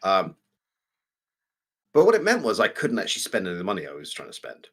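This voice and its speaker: A man's voice: sits low, fast, crowd noise. A man co-hosting a live stream, chatting casually about video games and telling amused stories. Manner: storytelling, animated and amused. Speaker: co-host.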